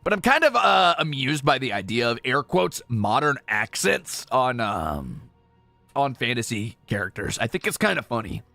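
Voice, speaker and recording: Lively, bright-voiced male streamer. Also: medium pitch, moderate pace, gravelly, dry recording, faint music behind. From Europe. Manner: chatty, self-correcting, jokey. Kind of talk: casual gameplay stream chatter.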